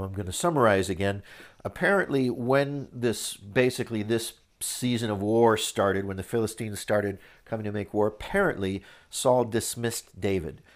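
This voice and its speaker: Low-voiced man teaching a Bible story. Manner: relaxed, conversational, with restarts. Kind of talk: Bible reading with casual retelling.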